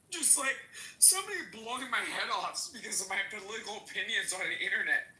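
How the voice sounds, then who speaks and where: A woman's voice: medium pitch, brisk, sharp tone, echoey room, poor audio. A woman speaking as a panel guest, tearful and pleading, her voice breaking as she repeats herself. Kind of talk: emotional panel talk.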